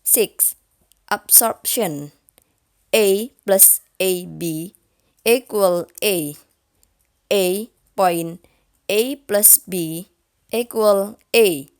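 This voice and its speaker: A young woman, a student, slowly reading out a lesson on formulas term by term, with long pauses between the terms. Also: medium pitch, smooth. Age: young adult. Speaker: student presenter. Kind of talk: slow read-aloud lesson.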